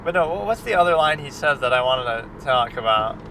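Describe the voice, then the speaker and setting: A man's voice: mid-range voice, lively intonation, fairly quick, bright, forceful tone. A man in a casual reaction chat as a film critic, rambling and conversational, with lots of fillers and restarts. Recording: distant mic with street traffic noise.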